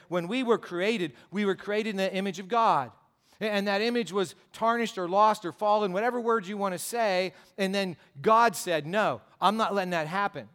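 High-voiced man preaching a sermon. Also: fairly bright tone. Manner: earnest, repetitive preaching with rhetorical questions. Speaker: pastor.

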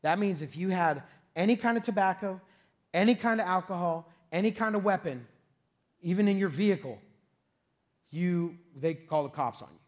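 A middle-aged man, preaching a sermon as pastor, telling a lively, self-deprecating story with frequent laughs and shouted peaks. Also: high voice, moderate pace.

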